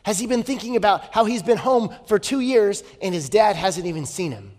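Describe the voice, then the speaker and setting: Male pastor, high voice, story-driven sermon with rhetorical questions; long reverb of a big hall. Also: expressive, normal speed. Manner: storytelling, rhetorical questions, shifts from loud to hushed.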